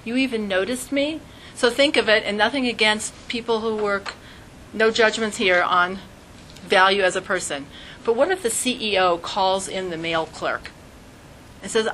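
A woman teaching a religious class, explaining with animated little acted-out scenes. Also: medium pitch, normal speed, a little hiss or hum, poor audio. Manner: animated, acts out little scenes in quoted voices. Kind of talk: Jewish studies class lesson.

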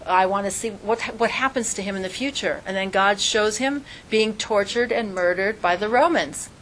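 A woman's voice: medium pitch, moderate pace, a bit bright, slight background noise. A woman teaching an informal religious class, earnest and conversational, with strings of rhetorical questions. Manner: conversational, frequent fillers like "like".

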